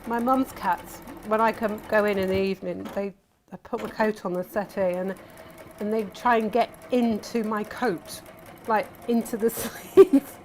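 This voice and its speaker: With slight background noise behind her, a woman leads a crafting workshop, sewing and chatting casually through stories and frequent laughter. Her mid-range voice is steady and a bit mellow, at a moderate pace.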